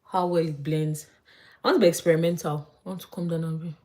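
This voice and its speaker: A young woman chatting as she does her makeup, gossiping in an animated way. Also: low voice, fast. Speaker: vlogger. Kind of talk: casual chat while doing makeup.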